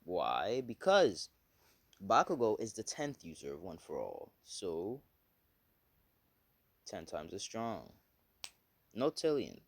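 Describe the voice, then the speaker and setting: Low-voiced man rambling through a story. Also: wildly swooping pitch, slow pace, creaky, long pauses, no room sound. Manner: rambling, with many self-corrections and swearing. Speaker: fan fiction storyteller. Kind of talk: casual improvised storytelling.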